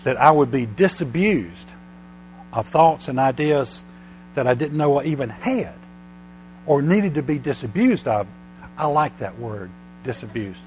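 Halting male preacher over faint hum. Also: mid-range voice, animated, poor audio. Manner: halting, repeats words, builds to loud emphatic passages. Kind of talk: sermon.

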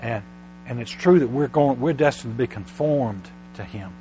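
A man preaching a sermon, often restarting his words, slow and halting at first and then building to loud, emphatic passages. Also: medium pitch, a little hiss or hum, rough recording.

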